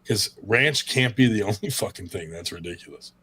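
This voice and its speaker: A man's voice: lowish voice, expressive, moderate pace, sharp tone, a little hiss or hum. An American man co-hosting a casual podcast, joking crudely and laughing often. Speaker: co-host.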